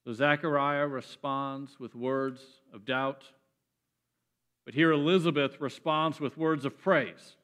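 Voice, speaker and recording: A man preaching a sermon, animated and emphatic, often repeating words as he builds up. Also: mid-range voice, takes it slowly. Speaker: pastor.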